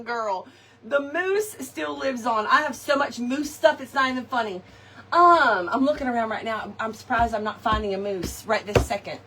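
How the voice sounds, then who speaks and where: A middle-aged woman, hosting a live crafting chat, animated and laughing often as she tells stories to her viewers. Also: fairly high pitch, moderate pace, a little hiss or hum. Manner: animated, laughing often, folksy slang, talks to viewers directly. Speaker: craft shop host.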